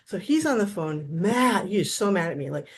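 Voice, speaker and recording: Woman in her fifties from Wisconsin, interview guest, animated storyteller, faint noise behind. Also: fairly low pitch, moderate pace. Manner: animated storyteller, acts out quotes. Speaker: guest, therapist. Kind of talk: casual interview chat.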